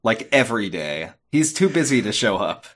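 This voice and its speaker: A man's voice: fairly low pitch, sing-song, normal speed, fairly bright tone. A man co-hosting a podcast, chatting loosely and joking about an episode, swearing freely. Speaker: podcast co-host. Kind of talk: casual recap chat.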